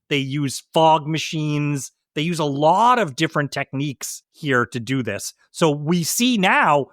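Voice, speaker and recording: This podcast co-host talks movies with casual enthusiasm, his sentences tumbling out in hurried restarts. The voice is a little high and a bit bright, captured at studio quality with no echo.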